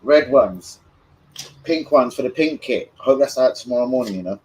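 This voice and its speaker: A man's voice: mid-range voice, expressive, normal speed, a little hiss or hum, poor audio. A young man ranting in a rambling, sweary livestream chat about football. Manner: rambling, sweary, loses his thread. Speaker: football fan streamer.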